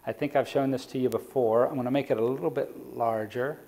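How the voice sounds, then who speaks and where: Mellow-voiced male evangelist preaching. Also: medium pitch, fairly even intonation, fairly quick, creaky. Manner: explanatory, asks the congregation rhetorical questions. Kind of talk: sermon.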